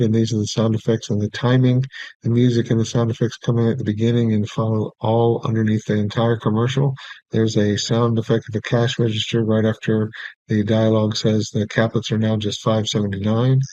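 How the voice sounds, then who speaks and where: A man teaching audio production, explaining each step in a relaxed way and checking in with "okay". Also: on the low side, no echo. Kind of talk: screen-recorded software tutorial. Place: small room at his desk. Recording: dry, dull lo-fi recording.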